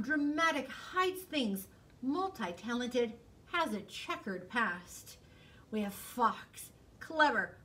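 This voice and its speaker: A woman librarian reading a picture book aloud to children in an expressive, sing-song storytelling voice. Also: a little high, recorded from a distance. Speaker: school librarian.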